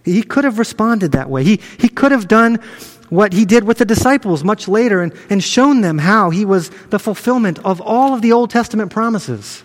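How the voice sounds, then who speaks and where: A high-pitched man preaching in an earnest, conversational way, often repeating a word as he restarts. His voice rings out with a long reverb, as in a large hall. He sounds like a pastor talking his congregation through a passage. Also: lively intonation, normal speed. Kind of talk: sermon.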